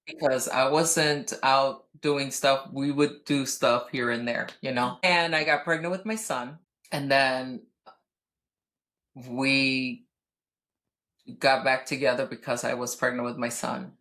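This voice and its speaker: A woman in her thirties co-hosting a podcast, telling a personal story in casual chat, blunt and profane, with animated outbursts. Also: a bass voice, takes it slowly. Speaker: podcast co-host.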